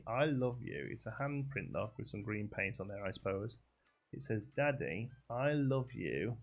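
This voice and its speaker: A man's voice: fairly low pitch, breathy edge. Easygoing man streaming. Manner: easygoing, chats back to viewer comments, laughs often. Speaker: livestream host. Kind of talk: casual livestream chat.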